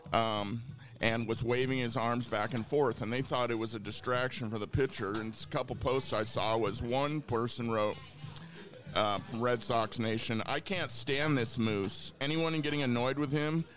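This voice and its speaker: Regular guy cohosting a sports podcast, easygoing storyteller, mid-pitched voice, faint music under it. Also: fairly even intonation, normal speed. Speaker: podcast co-host. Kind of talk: casual chat.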